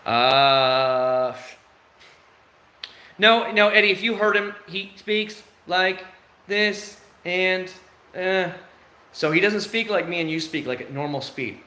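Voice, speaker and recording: A man chatting casually to viewers on a livestream from home, rambling along with sudden loud, high bursts. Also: animated, measured pace, echoey room. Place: at home, indoors. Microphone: phone.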